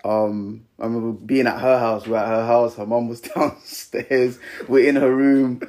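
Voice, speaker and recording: A man's voice: medium pitch, moderate pace. A young man in his twenties, a podcast co-host telling a personal story in casual chat, acting out quotes with many fillers. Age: 20s. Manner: animated storyteller, acts out quotes, frequent fillers.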